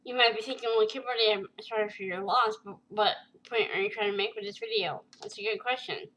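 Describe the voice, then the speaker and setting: A woman vlogger telling a personal story to camera, halting and emotional, with many fillers and restarts. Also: mid-range voice, steady tone, a bit bright, rough recording. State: tearful at times.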